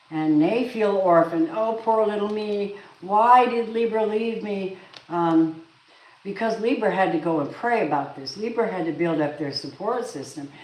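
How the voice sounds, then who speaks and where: Low-voiced woman giving a tarot reading. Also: a little mellow, reverberant, a little hiss or hum, rough recording. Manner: repetitive, emphatic, prayerful. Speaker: tarot card reader.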